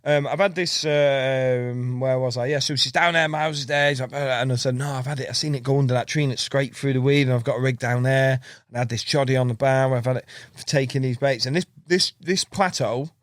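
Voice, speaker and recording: A man spins a long, rambling story as a podcast guest, jumping into the voices of the people he quotes. His voice sits at an ordinary pitch for a man, and the recording is dry and close with no room around it. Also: steady tone, fairly quick, hardly any pauses, no room sound. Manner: rambling storyteller who acts out quotes and laughs often. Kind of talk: casual chat.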